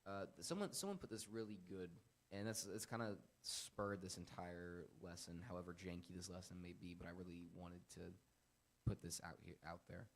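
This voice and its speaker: A young man hosting a casual Bible lesson, earnest and emphatic, with animated bursts when quoting. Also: low-pitched, moderate pace. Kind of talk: casual Bible teaching chat.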